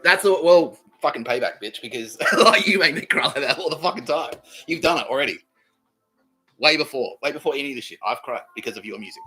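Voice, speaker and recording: A man with an Australian accent hosts a solo comedy podcast, rambling profanely and boastfully and laughing at his own jokes. His voice is medium-pitched with a sharp tone, and the recording quality is low.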